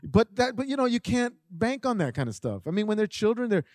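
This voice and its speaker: A middle-aged man giving a conversational parenting talk, animated, often acting out what parents and children say. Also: high voice, fairly quick, no room sound, clean studio sound. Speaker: parenting speaker.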